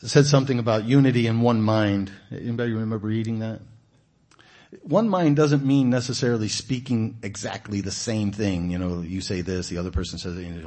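Guy preaching at a small church, low husky voice, chatty, keeps asking the room stuff. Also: fairly quick. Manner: conversational, asks the audience questions, animated emphasis. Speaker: guest preacher. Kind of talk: informal sermon.

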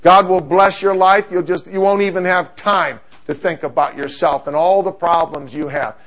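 A middle-aged man preaching a sermon, telling stories in an animated, humorous way. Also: sits high, normal speed.

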